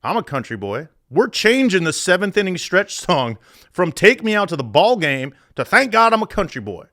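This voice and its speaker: A man voicing a cocky male baseball manager in a loud, defiant burst within a podcast story. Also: big pitch swings, normal speed, dry recording, studio quality, full character voice. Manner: loud, defiant, high-pitched outbursts.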